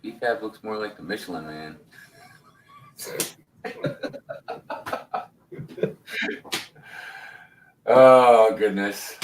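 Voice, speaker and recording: A man in his forties chats loosely on a livestream, rambling and laughing easily as he reads out comments. His fairly low voice sounds roomy and set back from the mic. Faint room noise hums behind him. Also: animated, extremely slow, long pauses, recorded from a distance. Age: 40s. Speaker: host of a building livestream. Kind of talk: casual livestream chat.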